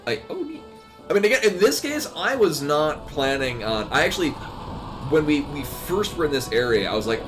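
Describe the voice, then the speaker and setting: A man chats over his live game stream, rambling and cutting himself off mid-sentence. His voice is mid-pitched and very animated. A faint bed of music plays behind him. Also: normal speed. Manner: rambling, chatty, self-interrupting. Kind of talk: casual live-stream commentary.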